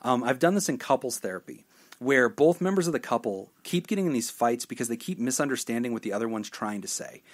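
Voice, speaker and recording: A man's voice: medium pitch, fast. A man, a therapist hosting a podcast, telling stories in a casual chat and acting out the people he quotes. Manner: animated storyteller who acts out the people he quotes.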